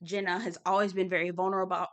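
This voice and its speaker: Young woman, TV recap host, bright forceful tone, gossipy and blunt. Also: on the low side, flat delivery, quick pace. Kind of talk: casual commentary.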